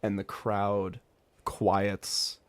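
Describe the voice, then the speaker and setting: A man narrating a tabletop game as game master, in slow, halting sentences. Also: on the low side, monotone.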